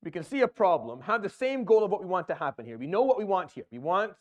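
A man's voice: high voice, sing-song, fast talker, lo-fi sound. Earnest man giving a religious talk. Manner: earnest, repetitive, rhetorical questions. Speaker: Islamic preacher.

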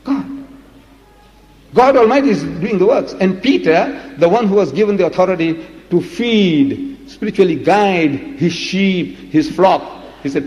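Man, preacher, emphatic, dramatic, rhetorical questions, slightly high voice, long hall reverb. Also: lively intonation, measured pace, darkish tone. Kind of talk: religious lecture. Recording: dull lo-fi recording in a reverberant hall.

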